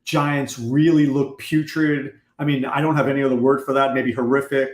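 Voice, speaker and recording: A man hosting a fantasy football talk, asking pointed questions in a quick, wry way. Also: medium pitch, level tone. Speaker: fantasy football podcast host. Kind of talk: casual analytical chat. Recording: echoey room.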